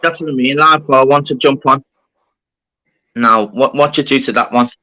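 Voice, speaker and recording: A man hosting a casual live-stream chat, rambling, animated and swearing a lot. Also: mid-range voice, moderate pace, no echo, low-quality recording. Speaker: channel host.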